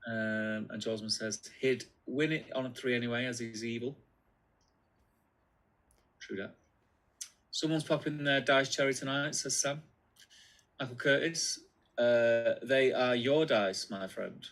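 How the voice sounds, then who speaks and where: A man reads out viewer comments on a casual stream, pausing on fillers. His mid-pitched voice has a gravelly fry, and his delivery stays easygoing. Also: fairly bright tone. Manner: laid-back, reads comments aloud with fillers. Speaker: co-host reading chat comments. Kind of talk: casual livestream chat.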